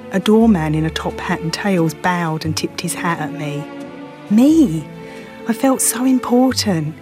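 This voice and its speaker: Woman, Cockney accent, middle-aged, first-person storytelling, wry, vivid, lowish voice. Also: darkish tone. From London, England. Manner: wry, self-mocking, vivid.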